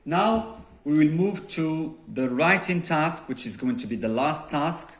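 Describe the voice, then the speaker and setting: A man's voice: a little high, lively intonation. A man with a Moroccan accent, an English teacher correcting an exam and dictating answers word by word. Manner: slow, deliberate dictation, reading sentences word by word.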